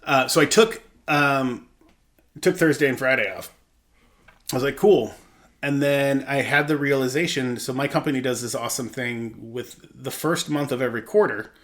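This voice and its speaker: A man's voice: mid-range voice, moderate pace, a bit bright. Chatty man rambling over beers. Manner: rambling, chatty storyteller with lots of "like" and "I'm like". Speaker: podcast co-host. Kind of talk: casual chat over beers.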